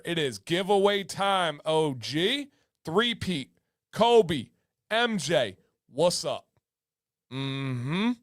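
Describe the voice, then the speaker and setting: A man hosts a giveaway livestream in a playful, sing-song way, hyping viewers and calling out names from the chat. His voice sits high and comes through smooth and clear. The sound is dry and close, with no room echo. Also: fairly bright tone. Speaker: livestream host.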